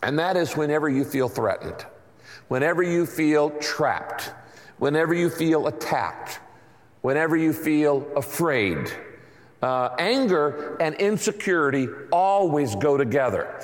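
A middle-aged man preaching in a conversational, talk-it-through manner, his voice sitting a little high for a man. His sermon rings out with the long reverb of a large church hall. He now and then slips into acted-out asides in other people's voices. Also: lively intonation, unhurried. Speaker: pastor.

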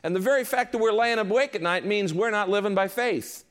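A man's voice: high-pitched, brisk. An older man preaching a sermon as a pastor, telling stories and acting out quoted voices along the way. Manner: animated storytelling with quoted voices.

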